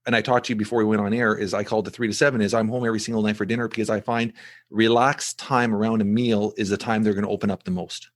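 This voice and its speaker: A middle-aged man hosting a podcast, telling a family story in an animated way with many restarts and repeated words. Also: fairly low pitch, quick pace. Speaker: podcast host. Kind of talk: casual podcast conversation.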